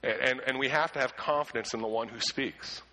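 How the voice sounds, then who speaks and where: A man preaching a sermon with earnest emphasis, who often repeats words as he starts a sentence and slows down to read scripture aloud. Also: medium pitch, pushed and bright, rough recording. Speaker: pastor.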